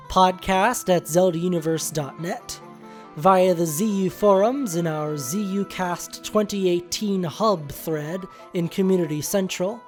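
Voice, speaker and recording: A woman in an upbeat announcer mode, reading the closing credits of a podcast. Her voice sits at a middling pitch. Soft music plays underneath. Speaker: podcast host. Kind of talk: scripted podcast outro.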